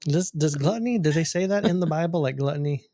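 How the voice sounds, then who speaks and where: A man's voice: fairly high pitch, expressive, fast, dark tone, no echo, clean studio sound. A middle-aged man co-hosting a podcast in casual chat, with joking, playful banter. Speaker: podcast co-host.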